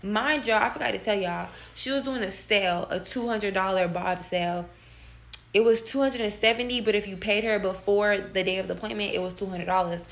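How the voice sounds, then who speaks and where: Woman, mid pitch, animated profane storytime rant, talks to listeners as y'all. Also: fairly quick, gravelly. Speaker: storyteller in a clip.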